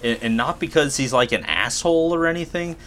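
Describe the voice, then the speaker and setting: A man co-hosting a casual podcast who makes sarcastic, deadpan jabs. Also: medium pitch, brisk, slight background noise. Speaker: podcast co-host.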